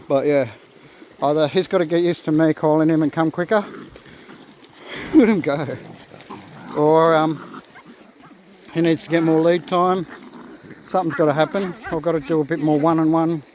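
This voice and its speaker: A man's voice: fairly high pitch, fairly even intonation, measured pace, pauses often, a little mellow, rough recording. A man chatting casually into a phone camera outdoors by a creek, rambling and talking to his dogs. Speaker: vlogger. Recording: faint outdoor background noise. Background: faint outdoor nature sounds.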